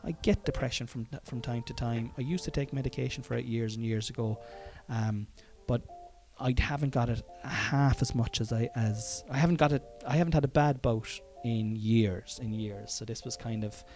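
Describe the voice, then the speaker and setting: A man's voice: mid-range voice, normal speed, hardly any pauses, darkish tone, faint music behind. An Irish man telling a personal story in a casual monologue, frank and profane, chuckling often and wandering into asides.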